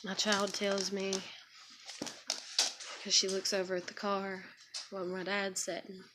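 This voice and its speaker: A woman filming a personal vlog at home, talking softly and soothingly to her dogs between telling her story. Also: mid-range voice, monotone, a little slow, very noisy. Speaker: vlogger. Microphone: handheld camera. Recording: dog panting and clicks in background.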